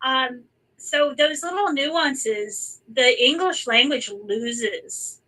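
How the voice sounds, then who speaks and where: American woman, host, bright voice, higher pitch, halting chatty delivery. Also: recorded from a distance, rough recording. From United States. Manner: chatty, halting, with many restarts. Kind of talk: live online chat.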